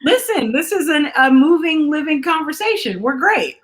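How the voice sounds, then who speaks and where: A woman's voice: high voice, big pitch swings, normal speed. A woman guest on a podcast, chatting in a bubbly way with lots of filler words. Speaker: actress guest. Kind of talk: casual chat.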